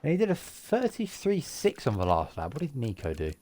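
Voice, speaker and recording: A tired man from the UK giving lively, chatty live commentary on an online racing league and reading out lap times. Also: mid-range voice, brisk. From United Kingdom. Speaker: race commentator.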